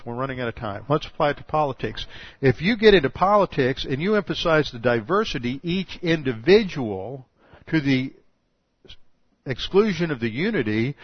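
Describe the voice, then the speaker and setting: An older man preaching a sermon, animated and full of rhetorical questions, often restarting his sentences. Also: a little high, no room sound. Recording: dull lo-fi dry sound.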